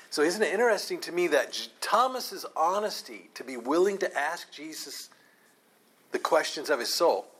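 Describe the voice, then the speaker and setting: A man's voice: mid-range voice, fairly bright tone, slightly rough, rough recording. A man preaching a Sunday morning sermon, teaching in an earnest way and leaning hard on the scripture he quotes. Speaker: pastor.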